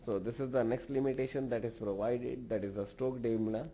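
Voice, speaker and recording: A man's voice: medium pitch, steady tone, a little fast, dark tone. A man giving an online business lecture in a formal way, restating each point in other words. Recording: dull lo-fi recording with faint noise.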